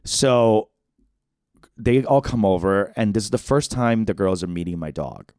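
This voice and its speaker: Animated man with a dry close mic. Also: measured pace, dry recording. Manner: animated storyteller, swears, acts out quoted voices high and loud. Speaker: podcast co-host. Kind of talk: casual chat.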